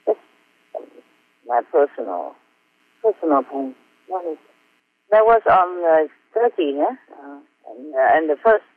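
A man reading aloud from his personal diary notes as a spiritual teacher, earnest and halting, with many fillers and small self-mocking laughs. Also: a little high, no room sound. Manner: earnest, heartfelt. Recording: tinny phone-like audio.

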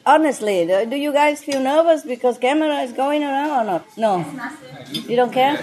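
A woman's voice: high voice, lively intonation, moderate pace, a little mellow. A woman hosting guests at her restaurant table, joking, laughing often and chatting in non-native English with bits of French. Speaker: restaurant owner and host. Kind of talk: casual dinner chat with guests. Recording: noisy dining room with clinking dishes.

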